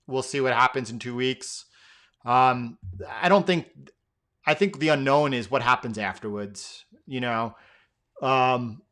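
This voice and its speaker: A man's voice: mid-range voice, a bit bright, clean tone. A man hosting a live trading stream, answering viewer questions in a loose, rambling way with many fillers and restarts.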